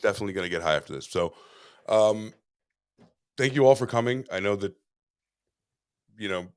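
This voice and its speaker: Brief: relaxed male co-host, lowish voice, dry mic, crude casual banter. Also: a little fast, smooth, no echo. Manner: laughing, loose, crude banter. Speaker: podcast host. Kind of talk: casual chat.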